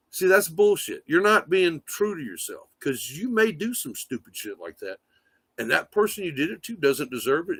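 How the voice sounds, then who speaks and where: Rambling, swearing gravelly man streaming. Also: fairly high pitch, a bit bright, dry recording. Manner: rambling, swearing, lots of fillers. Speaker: livestream host. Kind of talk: casual rambling livestream talk. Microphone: phone.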